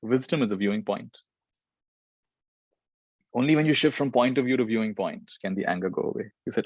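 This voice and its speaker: A man's voice: medium pitch, expressive, fairly quick, long pauses, no echo, muffled recording. Brief: man, spiritual teacher, repeats phrases to drive them home, dry close sound. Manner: reflective, repeats phrases for emphasis. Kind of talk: spiritual Q&A talk.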